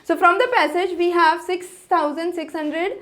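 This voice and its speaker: A woman's voice: very high voice, steady tone, moderate pace, a bit bright. A woman tutor explaining exam answers in a methodical way, with an Indian English accent, going through each question step by step.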